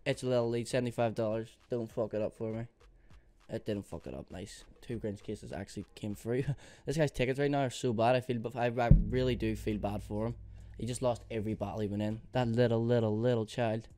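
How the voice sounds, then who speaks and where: A man's voice: medium pitch, steady tone, a little fast, dark tone. A young man giving casual commentary while gambling on online case battles, swearing a lot and talking frantically to his viewers. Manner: calls viewers mate, boys, guys. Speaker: YouTuber gambling on case openings. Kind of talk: casual live gaming commentary.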